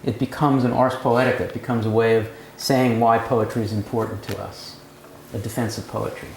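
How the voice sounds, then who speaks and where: Brisk, creaky, and flat in delivery, a lowish-voiced man runs a poetry seminar in a cafe room, alternating between lecturing and asking the group questions. Faint background noise sits in the roomy sound of the space.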